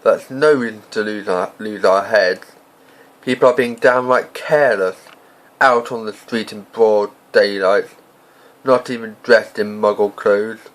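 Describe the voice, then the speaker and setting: A man voicing a stern, impatient older woman professor in an amateur audiobook reading, speaking in a brisk, clipped and exasperated way. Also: on the low side, a bit bright, poor audio.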